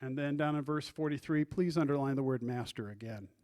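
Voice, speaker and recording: A man's voice: medium pitch, fairly quick, darkish tone. A man preaching a sermon as pastor, reading scripture aloud and guiding the congregation through the text. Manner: teaching, reads scripture aloud and directs the congregation.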